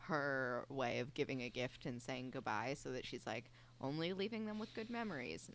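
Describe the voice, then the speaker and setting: A young woman co-hosting a casual podcast, talking in an animated, emphatic way with many restarts. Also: extremely low pitch, normal speed, few pauses, a little hiss or hum. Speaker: podcast co-host. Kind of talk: casual chat.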